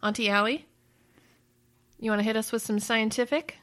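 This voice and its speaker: A woman's voice: fairly high pitch, moderate pace, a bit bright. A woman hosting a casual family chat, asking a child questions in a playful, upbeat way and laughing easily.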